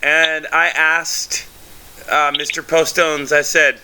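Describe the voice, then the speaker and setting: A man chatting casually as co-host, telling an excited, rambling story with lots of fillers and swearing. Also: a little high, slow pace, background noise. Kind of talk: casual chat.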